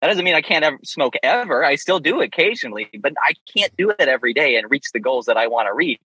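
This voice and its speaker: A man's voice: fairly high pitch, expressive, quick pace, bright, forceful tone, slightly rough, dry recording, poor audio. A man in his thirties who owns a pet care business, speaking frankly and openly about personal experience in a roundtable discussion, with self-deprecating humor.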